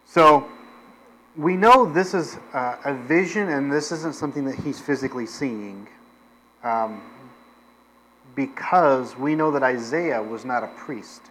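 A man's voice: mid-range voice, unhurried, fairly bright tone, slight background noise, poor audio. A man preaching a sermon as pastor, in a conversational way with frequent fillers, restarts and self-deprecating asides.

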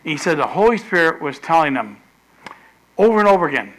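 A middle-aged male pastor preaching a sermon, animated, repeating phrases and loudly acting out the quotes he tells. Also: on the high side, quick pace, rough recording.

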